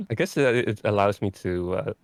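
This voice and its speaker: A man's voice: fairly low pitch, very animated, a little slow, dry recording. A man from the Netherlands chatting casually as a guest, hesitant and stammering, with laughs. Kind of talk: casual chat.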